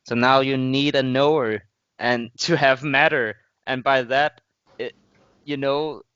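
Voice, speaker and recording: Danish podcast host, smooth resonant voice, dry muffled sound, lectures through his reasoning. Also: mid-range voice, fairly bright tone, no echo. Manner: lecturing, builds arguments step by step. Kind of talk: casual conversation. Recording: muffled dull audio.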